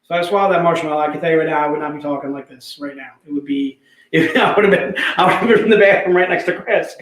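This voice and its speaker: A man hosting a casual livestream sales pitch, chatty, repeating prices and item numbers, calling viewers "dude". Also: fast, fairly bright tone, roomy sound, low-quality recording.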